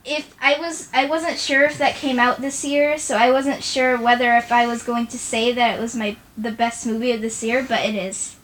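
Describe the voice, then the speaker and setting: Offhand female guest, slightly high, faint room noise. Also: fairly even intonation, normal speed, few pauses, fairly bright tone. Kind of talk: casual chat.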